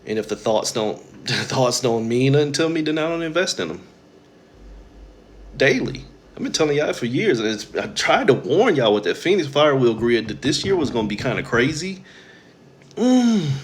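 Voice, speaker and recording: A man's voice: medium pitch, very animated, normal speed. A man, giving a blunt, profane spiritual monologue to his audience as host. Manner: blunt, profane and preachy, mimicking others in quoted asides.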